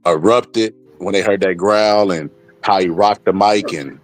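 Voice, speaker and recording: A man's voice: low voice, unhurried, no room sound, soft background music. A man speaking as a guest on a casual livestream chat, earnestly telling stories and giving advice. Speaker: guest commentator.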